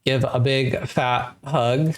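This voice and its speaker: An adult streamer of wholesome RPG games chats casually with viewers during a live stream, speaking slowly in a mid-range voice. The mood is playful and excitable, with frequent laughter.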